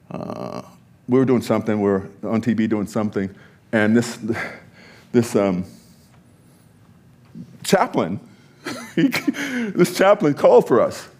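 A pastor telling a story in conversation, animated, often laughing and repeating his words. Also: lowish voice, unhurried, pauses often.

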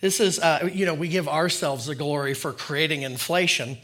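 A man's voice: a little high, fairly even intonation, normal speed, a bit bright. A man giving a casual, conversational sermon in church, friendly and loose with filler words. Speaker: lay preacher.

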